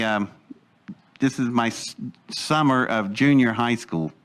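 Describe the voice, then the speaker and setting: A man telling a personal story in an animated way, acting out the voices of the people he quotes. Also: mid-range voice, a little slow. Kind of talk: storytelling anecdote.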